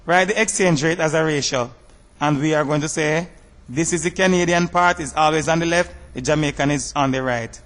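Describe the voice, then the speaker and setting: A man teaching a math lesson over slides, explaining step by step in a measured way and asking rhetorical questions. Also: fairly high pitch, a bit bright, in a large hall.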